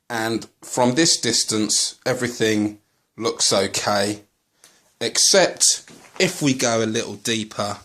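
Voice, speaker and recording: Slow-talking man, swearing vlogger. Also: mid-range voice, fairly bright tone. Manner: slow, halting delivery that turns to angry, swearing ranting. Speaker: collector vlogger. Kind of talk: casual unboxing video.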